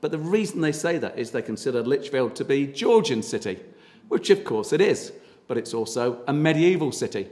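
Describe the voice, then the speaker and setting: A man's voice: mid-range voice, very animated, brisk, a little mellow. A man from England, a tour guide and local historian, giving a chatty public talk full of fillers and anecdotes. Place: meeting hall. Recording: reverberant hall from far off.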